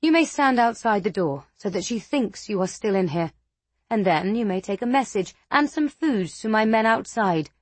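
Woman reading a fierce young warrior woman, curt, commanding, breathy edge, audiobook. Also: mid-range voice, lively intonation, moderate pace, no room sound, close to an everyday voice. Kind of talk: audiobook character voice.

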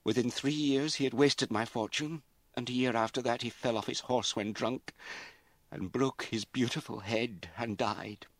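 A man's voice: mid-range voice, steady tone, normal speed, no echo, pitched above the performer's own voice, natural voice. A man reading an audiobook, voicing a middle-aged aristocratic mother who scolds and wails and rises to fury. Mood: bitter. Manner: wailing, scolding, rising to fury.

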